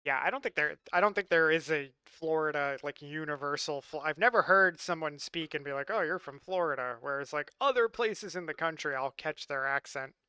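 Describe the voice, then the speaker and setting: A man's voice: on the high side, brisk, few pauses, pushed and bright, smooth, dry recording. A man from Long Island chatting casually with his stream chat in a wry, talkative way. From Long Island, New York.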